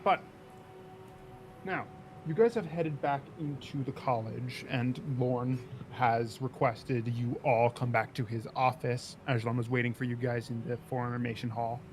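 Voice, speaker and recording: A man running a tabletop game as game master, his voice sitting at an ordinary pitch. He narrates loosely, with plenty of ums and likes. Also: steady tone, unhurried, a little hiss or hum. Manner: loose, filler-heavy narration.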